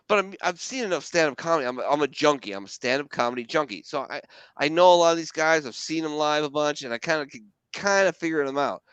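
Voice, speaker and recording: A middle-aged man hosting a podcast, telling stories in casual, profane, animated chat. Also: a little high, fast, smooth, dry recording. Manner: animated storytelling with profanity and laughter. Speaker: podcast host.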